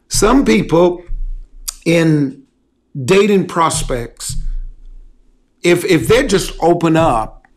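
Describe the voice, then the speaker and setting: A man preaching in a relaxed, conversational way, repeating key phrases and asking rhetorical questions. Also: a little high. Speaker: pastor. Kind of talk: conversational sermon on love and relationships.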